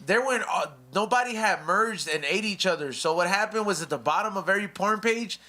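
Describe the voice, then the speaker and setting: A man's voice: high-pitched, expressive, brisk, bright, forceful tone. A man in his thirties, a podcast co-host, talking in loose, slangy casual chat. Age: 30s. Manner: loose, slangy, laughs and eggs the storyteller on.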